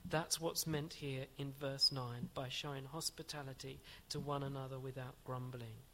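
A man's voice: mid-range voice, little pitch movement, moderate pace, bright, forceful tone, a little hiss or hum. A man preaching a sermon to his congregation, asking earnest rhetorical questions and reading aloud from a commentary.

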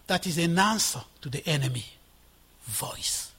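Guy preaching a sermon, high bright voice, kinda husky, goes loud then drops to a whisper. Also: lively intonation, moderate pace. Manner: impassioned, swinging from loud exhortation to hushed whispers.

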